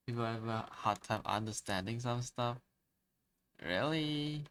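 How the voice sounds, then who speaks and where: A man chatting casually on a live art stream, speaking at a middle pitch. He keeps stammering and restarting while hunting for the right word. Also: measured pace, fairly bright tone, slight background noise. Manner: hesitant, stammering, searching for words.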